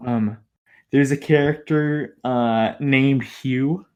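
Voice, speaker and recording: A man's voice: medium pitch, steady tone, slow, darkish tone, smooth. A man co-hosting a podcast, talking in a rambling casual way full of filler words. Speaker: podcast co-host. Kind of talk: casual chat.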